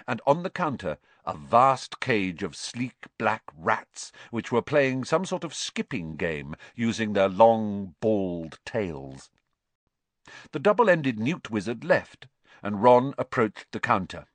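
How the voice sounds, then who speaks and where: A man narrating a storybook in a very animated, expressive voice. His pitch sits in the middle, and the recording is close and completely dry. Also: takes it slowly, dry recording. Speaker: audiobook narrator. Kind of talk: scripted narration.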